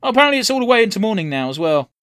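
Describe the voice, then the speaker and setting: Sweary high-voiced man joking around. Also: big pitch swings, a bit bright, clean tone, no echo, clean studio sound. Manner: sweary, joking, quick to laugh. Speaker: co-host watching a cartoon. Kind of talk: casual reaction chat.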